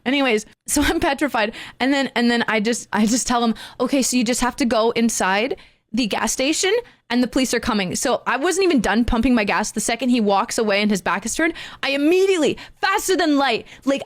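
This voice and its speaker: A woman streamer excitedly retelling a story to her chat in casual talk, with gamer slang. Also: on the high side, dry recording.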